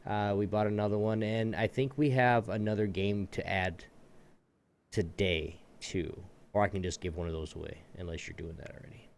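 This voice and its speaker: A man hosting a casual podcast with a fairly low voice. He talks in an easygoing way, plugging links and giveaways to his listeners. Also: steady tone, normal speed, a little hiss or hum. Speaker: podcast host.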